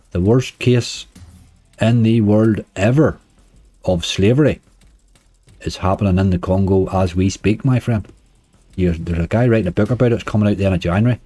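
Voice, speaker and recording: A hoarse man with a Northern Irish accent, chatting casually to viewers on a live stream. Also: low voice, dark tone, no echo. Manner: chatty, uses "wee" and "like" often. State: hoarse, dry throat. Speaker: slots streamer.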